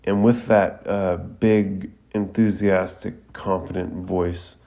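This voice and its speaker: A man with a low, gravelly, dark voice hosts an anime review show. He recaps scenes casually, with plenty of "like" and "um" along the way. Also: little pitch movement, slow pace. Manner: casual, filler-heavy retelling. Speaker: anime review podcast host. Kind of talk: casual narrated episode recap.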